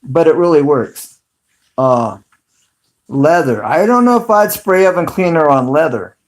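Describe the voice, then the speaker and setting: A man's voice: a little high, animated, unhurried. Rambling middle-aged man chatting casually. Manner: rambling, chatty, with frequent ums. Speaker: video host. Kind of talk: casual livestream chat.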